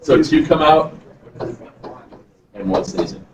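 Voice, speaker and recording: A man's voice: on the high side, expressive, slow pace. A man teaching a math review, heard from across an echoey classroom. He asks his students questions and answers them in a casual, conversational way. The sound is muffled, with a faint hum of room noise. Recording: distant, echoey, dull classroom recording.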